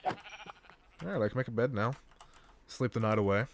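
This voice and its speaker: A man's voice: medium pitch, brisk. A man chatting casually while gaming on a stream, laid-back and wry. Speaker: stream guest.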